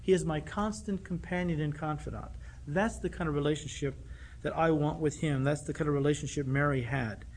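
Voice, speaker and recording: A man's voice: fairly high pitch, brisk, darkish tone, slight background noise. A man preaching a sermon in an earnest way, often asking his listeners rhetorical questions.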